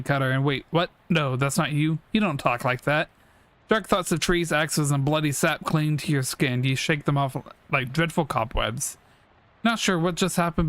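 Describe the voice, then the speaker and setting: A gaming streamer with a slightly high, fairly bright voice reads aloud the dialogue and narration of a comedy role-playing game. He voices the characters in a mock-solemn, archaic style, and there's no room sound in the recording.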